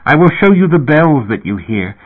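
A man with a husky voice voicing an impassive boy with god-like foreknowledge who speaks in a measured, solemn way. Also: a little high, very animated, voice pushed up. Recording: tinny phone-like sound.

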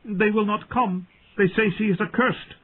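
A man's voice: medium pitch, a little fast, breathy edge. A man voicing a frightened, tearful young handmaid in a raised voice over tinny phone-like audio. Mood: fearful.

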